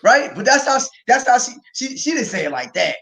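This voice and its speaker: A man hosting a casual faith talk livestream, animated and often laughing, tagging lines with "right?". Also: extremely high pitch, vocal fry, poor audio. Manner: animated, quick to laugh, repeats himself, says "right?" often. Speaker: podcast host.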